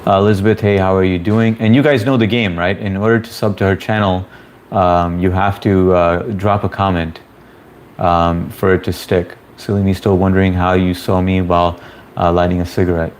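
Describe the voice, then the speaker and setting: A man's voice: low voice, flat delivery, moderate pace, a little hiss or hum. A man hosting a casual livestream, reading viewer comments aloud and greeting people by name in a laid-back, chummy way. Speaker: livestream host.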